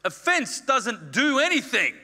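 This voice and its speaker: A man's voice: extremely high pitch, huge pitch swings, measured pace, bright, forceful tone. A man preaching a sermon as pastor, emphatic, repeating phrases and acting out the lines he quotes. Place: church hall. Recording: long reverb of a church hall.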